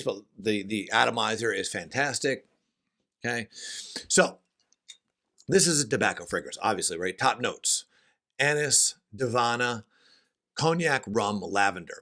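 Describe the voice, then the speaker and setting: A middle-aged man with a hoarse voice, chatting casually in a fragrance review from his home studio, often restarting and repeating himself. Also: on the low side, sharp tone. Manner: chatty, with frequent restarts and repetitions.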